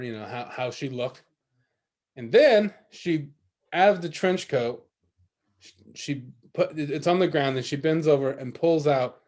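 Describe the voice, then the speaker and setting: A man's voice: mid-range voice, a little mellow. Man rambling through a story. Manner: rambling, halting anecdote with restarts and laughter. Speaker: podcast co-host. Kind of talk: casual storytelling.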